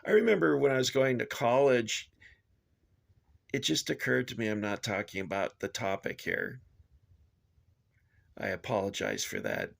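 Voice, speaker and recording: Speaking at normal speed with a creaky, medium-pitched voice, this older American toy collector swings widely in pitch and leaves long pauses. His review rambles casually, full of fillers and side tangents.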